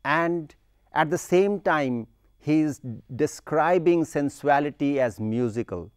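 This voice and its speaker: A man giving a university lecture on a poem, slow and deliberate, stopping to recite lines of verse with heavy emphasis. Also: on the high side, clear, resonant tone, no echo, studio quality. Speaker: literature lecturer.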